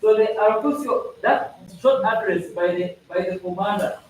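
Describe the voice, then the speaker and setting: Man, high voice, interactive playful teacher, distant mic, very echoey hall. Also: moderate pace, a little hiss or hum. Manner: interactive, keeps asking "are we together?"; playful, acts out examples and jokes. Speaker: speaker at a school congress. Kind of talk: instructional talk to students.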